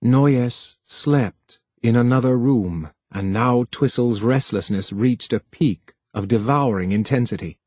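A man narrating an audiobook in a steady, measured reading voice. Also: mid-range voice, dry recording. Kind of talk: scripted narration.

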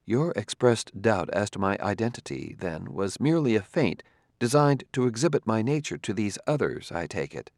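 A man voicing a calm, polite humanlike male robot who speaks in an even, formal way. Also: sits low, moderate pace, no echo, clean studio sound, pitched below the performer's own voice.

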